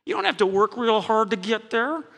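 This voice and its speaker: Male pastor preaching, chatty and bright, high voice, long church echo. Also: normal speed, creaky. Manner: lively, conversational, laughs while preaching. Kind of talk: sermon. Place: church sanctuary. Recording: long church hall reverb.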